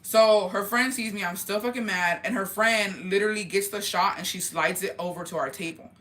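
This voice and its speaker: Woman vlogger, crisp bright tone, profane and heated casual storytelling. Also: mid-range voice. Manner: profane, heated, rapid retelling.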